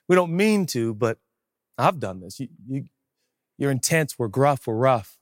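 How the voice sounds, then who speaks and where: A man preaching a sermon as pastor, animated and jokey, acting out little dialogues and breaking into sudden shouts. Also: medium pitch, a little slow, no echo, studio quality.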